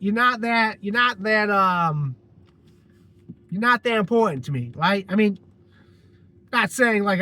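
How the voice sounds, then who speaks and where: High, bright-voiced man ranting casually. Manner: rambling, restarts a lot, heavy swearing. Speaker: vlogger telling a personal story. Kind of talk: casual storytelling rant.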